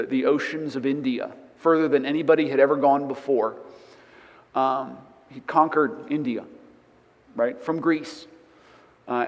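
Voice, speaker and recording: A man's voice: medium pitch, big-room sound, low-quality recording. A man giving a conversational sermon to his church, often checking in with "right?" as he teaches. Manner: conversational, frequent "right?" tags. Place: church sanctuary.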